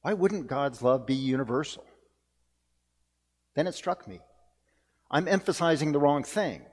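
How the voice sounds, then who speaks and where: A man's voice: a little high, animated, a little slow. A man delivering a sermon as pastor, earnest and reflective, repeating key phrases for emphasis. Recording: long reverb of a church hall.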